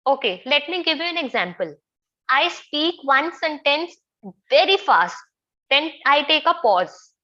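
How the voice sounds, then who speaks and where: A woman with an Indian English accent leads an online public speaking class. Her voice is high and bright, and she keeps asking questions and repeating her points. The sound comes through as a slightly dull, lo-fi video call. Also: sing-song, unhurried.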